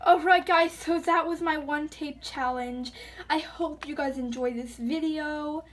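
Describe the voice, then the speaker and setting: A young woman narrates her own toy film in a goofy, dramatic way. Her voice is high and she talks at an unhurried pace. Clear clicking noise sounds behind her. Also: fairly bright tone. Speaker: toy video maker.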